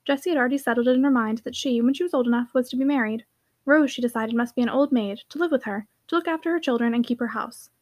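A woman narrating a classic novel as an audiobook reader, in a brisk, clear reading. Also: fairly high pitch. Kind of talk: scripted narration.

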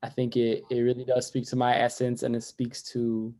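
A man with a gravelly, mid-pitched voice talks as a guest on a podcast. He speaks thoughtfully with many filler words, and his voice drops soft and quiet when he turns inward. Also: monotone, moderate pace. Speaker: guest, poet and educator. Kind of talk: reflective podcast interview.

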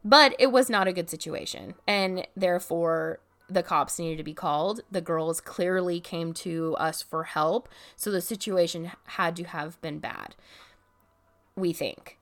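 In her apartment, a woman tells a casual, chatty story, peppering it with "like" and the occasional curse. Her voice is on the low side and a little bright, and she doesn't hurry.

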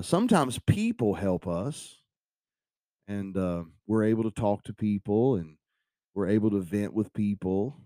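Man, podcast sermon, earnest, mellow dark tone, dry close sound. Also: lowish voice, no room sound. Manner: earnest, repeats phrases for emphasis. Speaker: podcast preacher.

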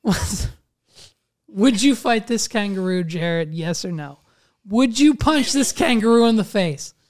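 A man hosting a casual chat, telling a story in an animated way and swearing constantly. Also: high voice, a little slow.

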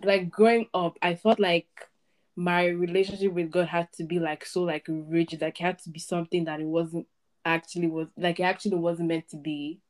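A young woman hosts a relaxed podcast conversation with friends. Her voice sits a bit low, and she rambles through her thoughts with lots of fillers. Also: normal speed. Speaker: podcast host. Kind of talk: casual chat.

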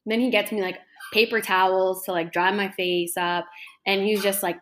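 A woman's voice: mid-range voice, level tone, normal speed, fairly bright tone, slight background noise. A young woman talking casually in an interview, chatty, with lots of fillers. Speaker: interview guest, culinary school graduate.

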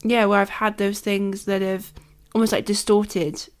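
A woman's voice: mid-range voice, flat delivery, unhurried. A woman co-hosting a faith podcast, chatty and affirming, with a lot of "like" fillers. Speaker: podcast co-host. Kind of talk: faith-based conversational podcast.

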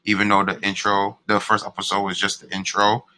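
A young man co-hosts a casual couple's podcast, laid-back and blunt, swearing freely as he talks. His voice sits fairly low but carries a bright, forceful edge. He mixes easy chatter with teasing. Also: completely flat delivery, fairly quick, rough recording. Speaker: podcast co-host.

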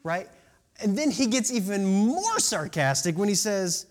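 A man's voice: sits high, big pitch swings, a little slow. A man in his thirties preaching a sermon in a conversational way, with asides and rhetorical questions. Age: 30s. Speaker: pastor.

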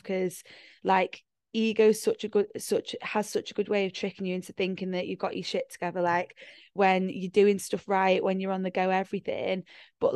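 A woman's voice: medium pitch, darkish tone, no echo, studio quality. A young woman, co-hosting a podcast in casual chat, rambling with many fillers and laughing often. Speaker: podcast co-host.

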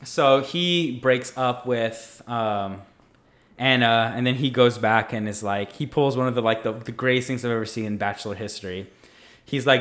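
A man co-hosting a podcast, retelling reality show moments in a lively way and acting out quotes. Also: medium pitch, moderate pace. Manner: animated storyteller, acts out quotes in raised voices. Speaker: podcast co-host. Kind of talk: casual chat recapping a reality show.

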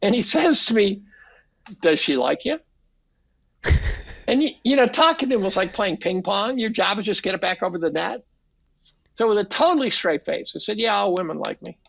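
A man's voice: high voice, a little fast, creaky, dry recording, rough recording. An older man, a podcast guest, telling casual stories, swearing freely and acting out quotes. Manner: animated, profane, acts out quotes. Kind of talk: casual storytelling.

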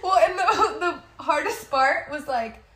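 A woman's voice: high-pitched, lively intonation, measured pace, pushed and bright, roomy sound. A woman co-hosting a podcast, chatting openly and giggling easily. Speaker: podcast co-host, makeup artist. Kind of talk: casual chat.

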